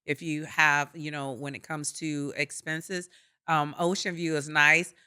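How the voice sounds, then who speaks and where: A middle-aged woman co-hosting a podcast, opinionated and forceful, teasing in casual chat. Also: deep voice, level tone, unhurried, clear, resonant tone. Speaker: podcast co-host.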